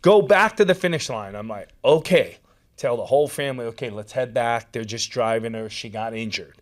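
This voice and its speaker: A man telling a long story in a casual chat, animated and peppered with "dude" and "like.". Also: mid-range voice, brisk. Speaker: podcast guest.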